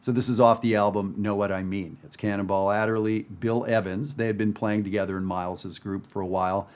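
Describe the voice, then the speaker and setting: A man's voice: fairly low pitch, steady tone, brisk, a little mellow. A man teaching a casual guided jazz listening lesson, chatty and enthusiastic with frequent fillers. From Northern Virginia area. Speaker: jazz educator. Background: jazz record playing.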